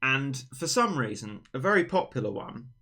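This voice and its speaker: A man's voice: mid-range voice, very animated, normal speed, bright, forceful tone. A young man hosting a casual livestream chat, rambling and teasing his friend in a playful way. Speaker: livestream host.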